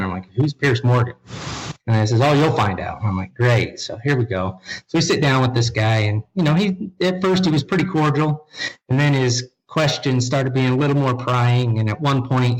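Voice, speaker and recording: A middle-aged man, a father and hunter, telling a story calmly and matter-of-factly as a podcast guest. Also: mid-range voice, low-quality recording. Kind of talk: storytelling in conversation.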